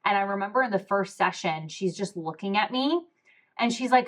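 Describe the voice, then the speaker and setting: A young adult woman, a podcast host, telling a candid personal story in a frank, expressive way, swearing freely and throwing in quick asides. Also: medium pitch.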